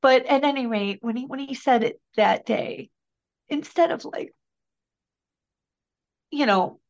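A middle-aged woman, a podcast guest, recounting a personal story in an earnest, halting, emotional way. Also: sits high, lo-fi sound.

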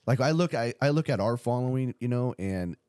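A man's voice: mid-range voice, lively intonation, brisk, darkish tone, clear, resonant tone, no echo, clean studio sound. A man in casual podcast chat, rambling in a laid-back way, with lots of fillers and swearing. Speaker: podcast host, t-shirt company owner.

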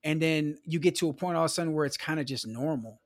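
A man's voice: on the high side, quick pace, no echo, studio quality. A man from the American Midwest, a podcast guest telling stories about growing up in a loose, conversational way. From Milwaukee, US Midwest. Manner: loose and conversational, peppers talk with "you know", "man" and "bro". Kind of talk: casual storytelling conversation.

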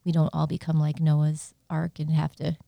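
A woman from Iowa, a guest musician, chatting casually in an interview, animated and quick to laugh. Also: low voice, vocal fry, no echo, highs cut off. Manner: chatty and animated, laughs easily, spells words out.

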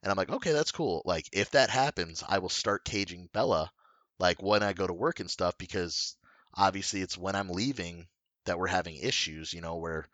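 A man's voice: low voice, moderate pace, a bit bright, dry recording. A man telling a long story in casual chat, rambling with lots of fillers and swearing. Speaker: podcast co-host telling a story.

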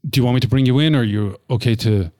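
Man doing a nervous, hurried woman official. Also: mid-range voice, darkish tone, natural voice. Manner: hesitant, full of fillers.

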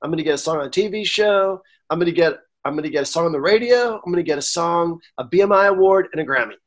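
A man in his forties, a songwriter guest, telling a story in an interview, animated and acting out the dialogue, at times getting emotional. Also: fairly high pitch, fast. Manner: animated, acts out quoted dialogue; gets emotional.

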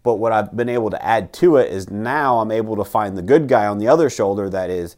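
Guy with a lowish voice hyping people up, blunt, swears, keeps saying "right?". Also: a little fast, few pauses, darkish tone. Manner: emphatic, swears, repeats "right?". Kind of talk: motivational casual talk.

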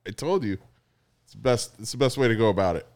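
A man's voice: on the low side, brisk, a little mellow. A man co-hosting a podcast, trading crude jokes in casual chat, laughing often and rambling with fillers.

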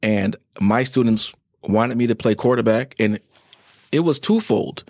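A man's voice: fairly low pitch, unhurried, no echo, clean studio sound. A man, a former fourth grade teacher, telling a story in an interview and acting out the people in it. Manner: animated, acts out quoted voices.

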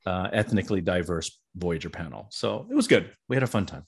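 Middle-aged male co-host, lowish voice, chatty and giggly. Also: a little fast, creaky, husky. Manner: chatty, laughs often, excitable. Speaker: podcast co-host. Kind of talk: casual chat.

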